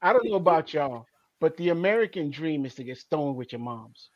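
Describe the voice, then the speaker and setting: A man's voice: a little high, lively intonation, brisk, no echo, dull audio. A man in casual podcast chat, joking emphatically.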